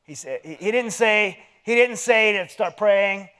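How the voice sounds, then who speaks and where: A man in his forties preaching at a men's dinner in a fairly high voice. He talks in a conversational, earnest way and tells stories between scripture readings. He often sinks to a hushed, low tone on personal points. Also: a little slow, smooth. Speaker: guest speaker at a men's dinner. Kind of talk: conversational sermon.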